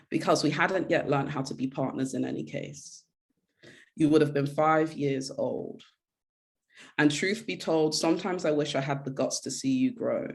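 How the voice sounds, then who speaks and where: Gravelly-voiced woman performing spoken word. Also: low voice, a little mellow. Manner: earnest, many fillers when speaking freely. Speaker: poet. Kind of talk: spoken word poetry, then reflective talk.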